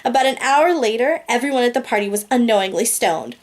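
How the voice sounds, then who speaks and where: A woman's voice: fairly high pitch, fast talker. A young woman reading a comic novel aloud casually, amused and giggling often, drawling the profanity. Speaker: audiobook reader.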